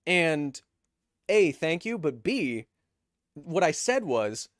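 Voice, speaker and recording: A man's voice: fairly high pitch, sing-song, slow pace, no echo, studio quality. A man hosting a live stream, reading chat messages aloud with jokes and tangents while explaining science casually.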